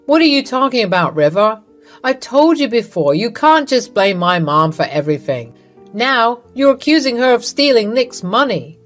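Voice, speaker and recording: A woman's voice: fairly high pitch, big pitch swings, moderate pace, faint music behind, pitched above the performer's own voice. A woman voicing an adult husband caught between his wife and his mother, speaking in an exasperated, questioning way.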